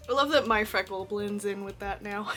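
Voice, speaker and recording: A woman's voice: medium pitch, moderate pace, pushed and bright, faint music behind. A young woman chatting casually as she works, giggling and poking fun at herself. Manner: chatty, self-deprecating, giggly asides. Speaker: cosplay vlogger. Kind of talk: casual tutorial narration.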